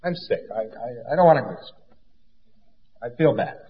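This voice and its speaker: A man's voice: medium pitch, lively intonation, moderate pace, recorded from a distance, pitched below the performer's own voice, close to an everyday voice. A man acting out a young boy who fakes sickness to skip school, whining and hesitant. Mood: whiny. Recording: dull lo-fi recording in a reverberant hall.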